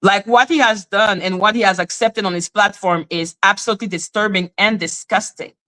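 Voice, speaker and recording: A woman's voice: mid-range voice, fairly even intonation, a little fast, sharp tone. A woman hosting a live stream, ranting with indignation in blunt, profane talk and repeating her points over and over. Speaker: livestream host. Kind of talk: heated live commentary. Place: in Canada.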